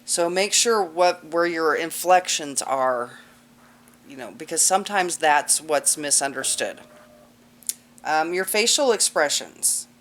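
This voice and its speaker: A woman's voice: low-pitched, lively intonation, slow pace, a bit bright. A woman teaching a cosmetology class in a casual, chatty lecture with lots of fillers. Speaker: cosmetology instructor.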